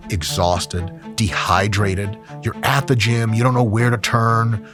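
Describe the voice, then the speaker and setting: This host, an exercise scientist, speaks a little slowly at medium pitch with soft music behind him. His fitness commentary is animated and profane, full of jokes as he covers training and hams up an ad read.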